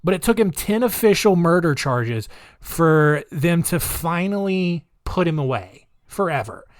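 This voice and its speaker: A male podcast host tells a true-crime story in a loose, casual way, sarcastic and giggly. His voice sits a little high, and the recording is dry and close. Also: animated, a little slow, no room sound.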